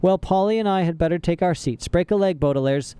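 A cheerful, oblivious middle-aged banker speaks in a hearty, formal voice, as a male narrator puts him on. The pitch sits raised, the tone mellow. He comes from a read-aloud storybook. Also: brisk, clear, resonant tone, lightly acted.

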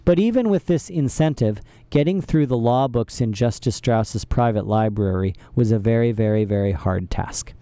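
A man's voice: medium pitch, normal speed, few pauses, clear, resonant tone, no echo. Man reading a children's book aloud. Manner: expressive, wry storytelling. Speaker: reader.

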